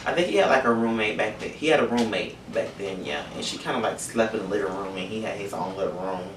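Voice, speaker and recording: A young man tells a personal story in a loose, candid way, swearing freely. His voice sits a little low, and he sounds distant from the mic, with a roomy echo and a faint background hum. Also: quick pace. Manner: chatty, candid, profane, emotional. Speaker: vlogger. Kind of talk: casual storytelling.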